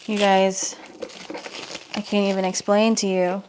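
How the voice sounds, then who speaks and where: A woman talking casually to her viewers in a vlog, excitable and gushing, with nervous exclamations. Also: mid-range voice, measured pace, a little hiss or hum. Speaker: vlogger. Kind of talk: casual unboxing vlog talk.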